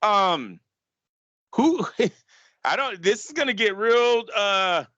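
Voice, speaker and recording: A man co-hosting a casual boxing podcast, talking fast and analytically with frequent restarts. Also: high voice, lively intonation, sharp tone, dry recording, muffled recording. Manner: fast analytical, restarts, argues business points.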